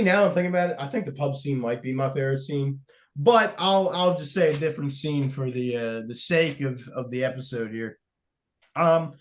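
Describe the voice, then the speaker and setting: Chatty man with a fairly high voice. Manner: rambling, many fillers and restarts. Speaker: podcast host. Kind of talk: casual film discussion.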